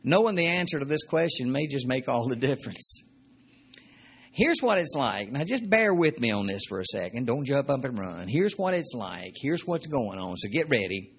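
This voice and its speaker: A man's voice: mid-range voice, very animated, normal speed, breathy edge. A man preaching a sermon in a conversational, joking way, often repeating his points. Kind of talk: sermon teaching.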